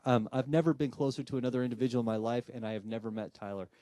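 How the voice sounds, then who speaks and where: Rapid-fire delivery marks this mid-range male voice, recorded without echo. Presenting live on spirit communication, he animatedly tells a story and acts out the voices of the quoted characters.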